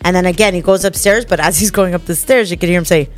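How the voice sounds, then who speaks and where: A middle-aged woman co-hosting a casual podcast chat, telling stories with loud acted-out quotes, big laughs and lots of swearing. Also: on the low side, fast talker, faint music behind. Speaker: podcast co-host. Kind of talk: casual chat, animated storytelling.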